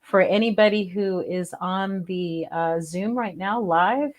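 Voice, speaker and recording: A woman hosting a casual conversation, speaking gently and reflectively and guiding listeners through calm breathing. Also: medium pitch, slow. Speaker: host, spiritual teacher. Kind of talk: casual conversation on a video call.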